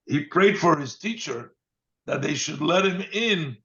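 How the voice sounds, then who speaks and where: In a text study lesson, a rabbi reads Hebrew lines and then translates each into plain English, unhurried and using fillers. His mid-pitched voice is sharp in tone with lively intonation, though the recording sounds somewhat dull and lo-fi.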